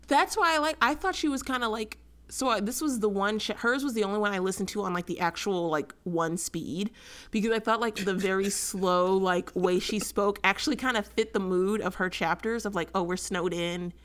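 A woman co-hosting a casual book chat, talking in a chatty, animated way full of fillers. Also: mid-range voice, normal speed. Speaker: book podcast co-host.

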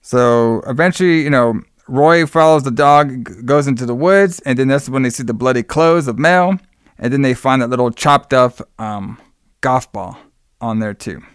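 Young man, casual podcast chat, animated movie recap, acts out lines, smooth clear voice, dry close sound. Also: mid-range voice, moderate pace, no room sound.

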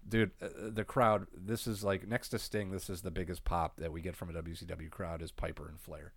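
A very low-pitched man in casual conversation, unhurried and cursing now and then. He sounds like he is getting over a cold. The recording is dry and close, with no room sound. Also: flat delivery, husky, no room sound. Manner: laid-back, swears freely, laughs often. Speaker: podcast co-host recapping wrestling. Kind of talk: casual chat.

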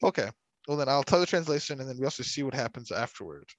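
A man's voice: medium pitch, animated, fast talker, dry recording, low-quality recording. Chatty young man recapping a show. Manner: chatty, laughs often, rambling asides. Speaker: podcast co-host recapping a TV show. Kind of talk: casual chat.

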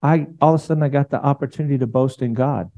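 A male pastor preaching a sermon in an animated, conversational way, acting out quotes as he goes. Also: mid-range voice, fast, muffled recording.

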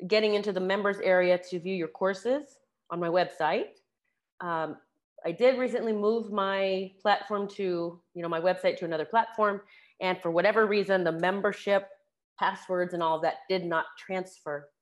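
Slightly hoarse woman podcast host. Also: mid-range voice. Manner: chatty, relaxed, with fillers. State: slightly hoarse from a sore throat. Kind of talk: casual podcast announcements.

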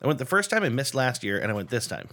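A man's voice: medium pitch, big pitch swings, fast talker, fairly bright tone. A man in his thirties co-hosting a podcast in casual chat, laid-back and self-deprecating. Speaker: podcast co-host.

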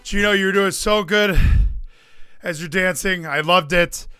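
A man co-hosting a casual wrestling podcast, rambling and excitable, with the odd swear. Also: sits high, measured pace, clear, resonant tone, no room sound, studio quality, faint music behind. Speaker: podcast co-host.

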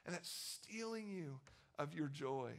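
A man's voice: a little high, animated, unhurried, vocal fry. A young man preaching a sermon as a youth pastor, speaking in a casual, slangy way and acting out the people in his stories. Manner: casual, slangy storytelling that acts out quotes.

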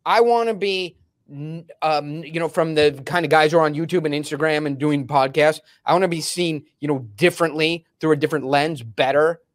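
A man with a fairly high-pitched voice hosts a casual interview podcast, speaking briskly. He tells stories animatedly and acts out the quotes.

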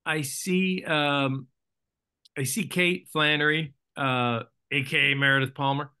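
Bright-voiced man, rambling and joking. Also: fairly high pitch, steady tone, a little slow, smooth. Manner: rambling, self-deprecating joker. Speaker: actor guest. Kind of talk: casual interview chat.

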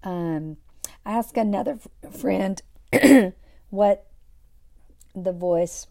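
A middle-aged woman hosting a devotional podcast, talking in a soft, reflective way and dropping to a whisper for scripture. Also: mid-range voice, extremely slow, vocal fry. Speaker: podcast host.

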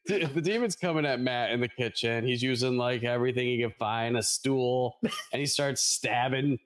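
A man's voice: medium pitch, normal speed. A man hosting a podcast who retells a movie plot in casual chat, exasperated and laughing often. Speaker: podcast host.

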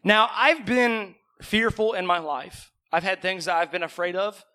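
A man's voice: high-pitched, steady tone, unhurried, sharp tone. A male pastor preaching a sermon in a church, in a conversational way, questioning the congregation and adding joking asides.

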